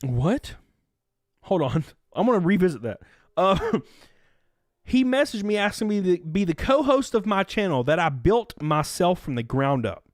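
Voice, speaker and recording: Male streamer in his 30s, rambling and profane, with a lively, swooping delivery and a dry, close sound. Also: sits high, measured pace, no room sound. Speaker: livestream host. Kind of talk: casual storytelling to a live chat.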